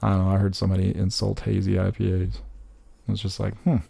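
A low, gravelly man's voice with a dark, mellow tone, joking and laughing as he co-hosts a relaxed podcast chat. The sound is dry and close, with no room echo. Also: quick pace. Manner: animated, joking, laughs often. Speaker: podcast co-host. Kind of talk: casual chat.

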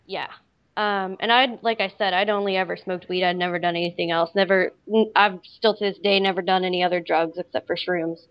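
A woman's voice: fairly low pitch, fairly even intonation, a little fast, clear, resonant tone. Rambling woman telling a story, lo-fi. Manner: rambling, lots of "like" fillers. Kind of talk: casual storytelling. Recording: slightly dull lo-fi audio.

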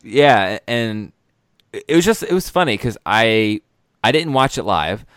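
A man's voice: lowish voice, lively intonation, measured pace, a bit bright, clear, resonant tone, no room sound. A man hosting a casual podcast, rambling and correcting himself in an upbeat way. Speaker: podcast host.

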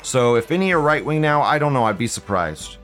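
A man's voice: mid-range voice, expressive, a little fast, a bit bright, soft background music. A man hosting a live show, ranting in a casual, profane, rambling way and repeating himself. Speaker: livestream show host.

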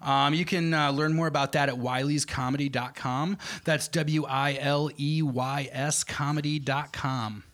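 A man's voice: on the high side, steady tone, measured pace, few pauses, a bit bright. A man hosting a comedy show, introducing the next comedian and hyping up the crowd. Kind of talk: emcee introduction. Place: comedy club stage.

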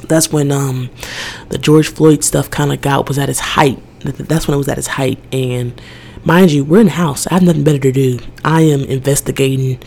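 A young woman hosting her own podcast, talking through her feelings in a loose, rambling monologue. Her voice has a gravelly, creaky edge, and she leans on "like" constantly as she circles her thoughts. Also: rumbling low, steady tone, normal speed, darkish tone. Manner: emotional, rambling, heavy use of "like". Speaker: podcast host. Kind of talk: casual personal monologue.

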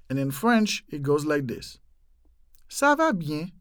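A man hosting a podcast lesson, casually teaching phrases and repeating them slowly with fillers. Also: a little high, big pitch swings, fairly bright tone, no room sound, studio quality. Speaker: podcast host teaching languages.

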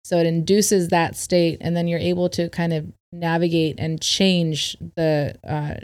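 Low-voiced woman explaining breathwork. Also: flat delivery. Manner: explanatory, measured, trails off softly. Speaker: podcast guest, breathwork guide. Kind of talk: casual interview chat.

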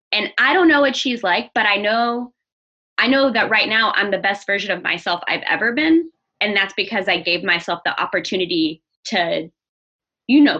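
Bright, husky-voiced woman, candid talk. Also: medium pitch. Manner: earnest, open, grows animated when talking about anger. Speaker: guest. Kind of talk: candid personal conversation. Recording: dull lo-fi audio.

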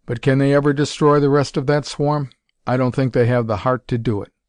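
Man reading a grim, steady hero flyer. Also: mid-range voice, fairly quick, no room sound, studio quality, close to an everyday voice. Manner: grim, quiet delivery.

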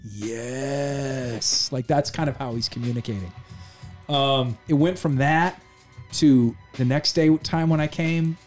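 A man's voice: on the high side, a little slow, darkish tone, faint music behind. A middle-aged man, a radio DJ, telling a personal story in casual chat, earnest and emphatic, swearing now and then. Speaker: radio DJ and podcast host.

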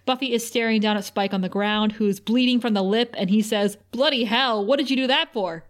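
Quick and slightly high in pitch, this woman co-hosts a podcast, running through TV scenes in a relaxed way. Her recap is full of quoted dialogue and frequent laughs.

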